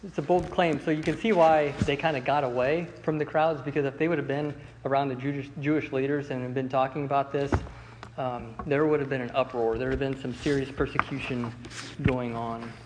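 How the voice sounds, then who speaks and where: A man teaching a Bible study class in a relaxed, conversational way, with many fillers and restarts. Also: mid-range voice, brisk, long reverb tail, background noise. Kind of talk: casual Bible lesson.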